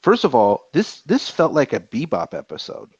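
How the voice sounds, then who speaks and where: Podcast dude rambling about anime, gets worked up and swears, dry muffled audio. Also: male voice, mid-range voice, normal speed, breathy edge, no echo. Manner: animated, rambling, swears freely. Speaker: podcast co-host. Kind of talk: casual chat, reviewing anime episodes.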